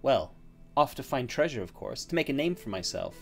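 Udo the halfling is a small, jumpy adventurer in a tabletop fantasy game. He pleads eagerly one moment and puffs himself up with boasts the next, as the man running the game puts him on. His voice sits in an ordinary middle pitch with faint guitar under it. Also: big pitch swings, fairly quick, gravelly. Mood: boastful.

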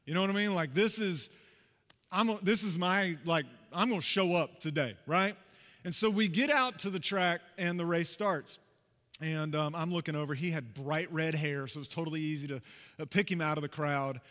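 High-voiced preacher telling a story. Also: male voice, moderate pace, big-room sound. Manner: conversational, animated storytelling with asides to the congregation. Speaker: pastor. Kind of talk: sermon with personal story. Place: church sanctuary.

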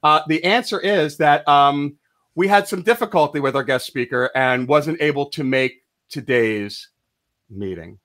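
A man co-hosting a relaxed talk show, with a voice a bit higher than most men's. He tells stories in an animated way and keeps the banter going. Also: measured pace. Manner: animated storyteller, jumps to a high comic voice when joking. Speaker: co-host. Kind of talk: casual chat.

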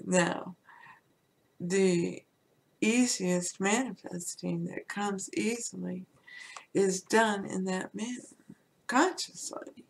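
A woman hosting a podcast, teaching in a casual, rambling way with many "you know" fillers, sometimes dropping to a soft near-whisper. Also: medium pitch, creaky. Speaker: podcast host. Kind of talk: casual spiritual teaching talk.

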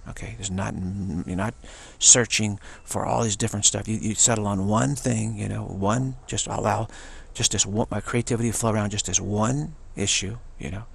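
A man's voice: lowish voice, fairly even intonation, normal speed, creaky, few pauses, slightly rough. A man giving a solo spoken commentary, rambling earnestly and often repeating and restarting his phrases. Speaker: channel host.

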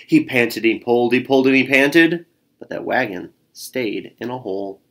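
A man reading a picture book aloud, expressive and adding sound effects. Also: mid-range voice, moderate pace. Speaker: storyteller.

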